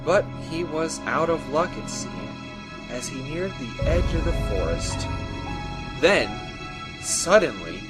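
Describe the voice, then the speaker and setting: A man narrating a folktale in an expressive, theatrical storytelling style. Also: a little high, slow, loud music behind the voice.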